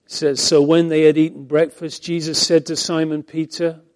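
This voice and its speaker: A man preaching a Bible-teaching sermon as pastor, swinging between emphatic lines and hushed ones. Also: on the high side, flat delivery, normal speed.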